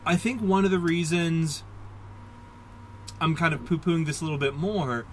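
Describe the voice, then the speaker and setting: A man's voice: on the high side, normal speed, slight background noise, poor audio. A man co-hosting a casual podcast, rambling and self-deprecating, with many fillers and restarts. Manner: rambling, self-deprecating, puts on mock voices. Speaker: podcast co-host. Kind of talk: casual comic book discussion.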